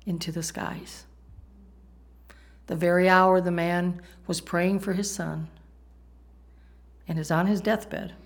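A woman's voice: fairly low pitch, steady tone, unhurried, long pauses. A middle-aged woman from the United States preaching a sermon, telling a story with humorous asides to the congregation.

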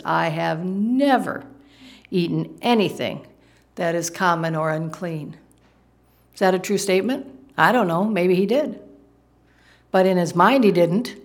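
A woman with a fairly low voice preaches emphatically to a congregation. Her sermon poses rhetorical questions and explains what certain Greek words mean.

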